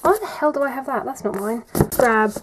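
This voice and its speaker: A young woman chats through a casual bookshelf tour in her bedroom, rambling and filling gaps with "like" and "um". Her voice sits a little high, and a faint hiss runs under the camera mic. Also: brisk. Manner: chatty and rambling, says "like" and "um" often. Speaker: vlogger.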